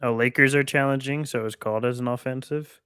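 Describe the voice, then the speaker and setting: A man co-hosting a casual basketball chat, laid-back and quick to laugh, breaking down plays like an analyst. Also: medium pitch, fairly even intonation, a bit bright, clear, resonant tone, dry recording, studio quality. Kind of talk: casual live game chat.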